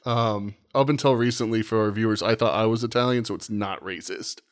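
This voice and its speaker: A man's voice: fairly low pitch, brisk. A man hosting a casual podcast chat, rambling and self-deprecating and often losing his train of thought. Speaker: podcast host.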